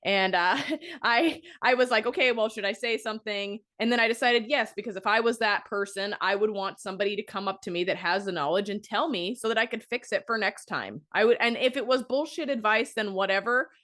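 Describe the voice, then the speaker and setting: A woman hosting a podcast who tells a long story in a casual, rambling way, frank and swearing, lively when she quotes people. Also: mid-range voice, fairly quick, few pauses. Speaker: podcast host and fitness coach.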